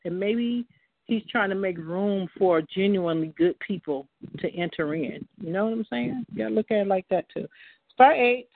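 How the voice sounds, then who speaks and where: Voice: mid-range voice, moderate pace, vocal fry. A talk show host speaking bluntly and emphatically, taking calls. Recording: phone line.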